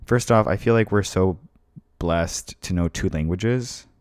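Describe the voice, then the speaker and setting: A man co-hosting a podcast in casual chat, an animated storyteller who swears casually. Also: low-pitched, measured pace, no echo, studio quality. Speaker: podcast co-host.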